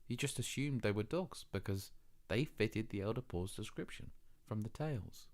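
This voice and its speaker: A man reading a children's novel aloud as audiobook narrator, measured and expressive. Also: lowish voice. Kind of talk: scripted narration.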